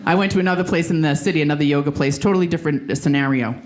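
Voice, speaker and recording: A woman's voice: deep voice, rapid-fire, darkish tone. Woman doing self-deprecating stand-up. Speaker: stand-up comedian. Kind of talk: stand-up routine. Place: comedy stage with audience.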